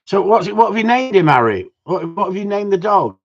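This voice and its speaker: A man's voice: high voice, big pitch swings, fairly quick. A middle-aged man hosting a live stream, chatting casually with viewers, swearing a lot and laughing often. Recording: dull lo-fi sound.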